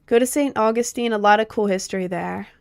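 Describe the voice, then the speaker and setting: A woman's voice: medium pitch, fairly quick, vocal fry, darkish tone, clean tone, dry recording, clean studio sound. A young woman streamer from Maryland chatting casually and rambling as she reads viewer questions. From Maryland, USA. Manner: chatty, rambling, filler-heavy. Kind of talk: casual livestream chat, reading viewer questions.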